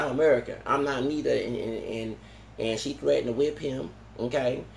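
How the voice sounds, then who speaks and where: A man with a heavily gravelly voice talks on in a digressive, loose monologue. He keeps restarting his sentences and tacking on "okay?" as he goes. The sound is roomy and echoey, with faint ambience underneath. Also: mid-range voice, slight background noise. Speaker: vlogger. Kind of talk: rambling monologue.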